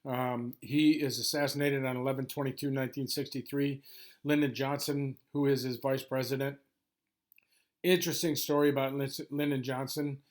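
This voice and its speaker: A gravelly-voiced man in his sixties giving an informal history overview, rushing through it with many ums and restarts. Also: mid-range voice, flat delivery. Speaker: history presenter.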